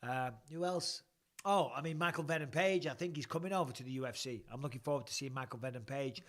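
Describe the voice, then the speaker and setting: A man's voice: medium pitch, fast talker, a bit bright. A man in his forties hosting a casual live-stream chat, answering fan questions bluntly, swearing freely and rambling.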